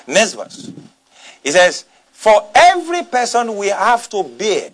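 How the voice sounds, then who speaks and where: High, animated male pastor preaching. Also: takes it slowly. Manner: emphatic preaching, repeating and asking the congregation to respond. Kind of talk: sermon.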